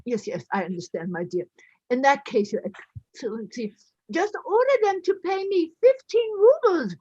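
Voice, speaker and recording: A woman's voice: high-pitched, expressive, normal speed, warm tone, dull audio. A woman voicing an elderly widow in a stage play reading, pleading in a whining, tearful way.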